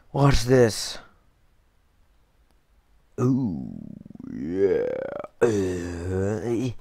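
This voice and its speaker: A young man drawls his way through let's-play commentary at a slow pace, his pitch leaping around as he bursts into yelps and shouts. The sound is dry and close, with no room behind him. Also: dry recording. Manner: excitable, jokey, with sudden yelps and shouts. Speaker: gaming YouTuber.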